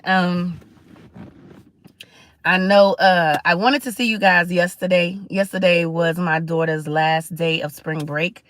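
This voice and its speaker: A woman's voice: fairly low pitch, takes it slowly, a bit bright. A middle-aged woman hosting a casual livestream, talking in a chatty, preachy way and greeting viewers. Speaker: livestream host.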